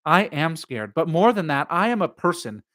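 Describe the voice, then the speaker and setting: A man's voice: a little high, very animated, moderate pace. A man reading a ghost story aloud, voicing a frightened young woman who forces herself to be defiant. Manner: tense, building to defiant shouting. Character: frightened young woman steeling her nerve.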